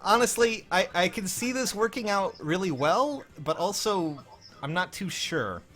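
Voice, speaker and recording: A man's voice: high-pitched, animated, unhurried, a bit bright. A man hosting a casual livestream, flustered and rambling, often laughing as he reviews viewers' game builds. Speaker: livestream host.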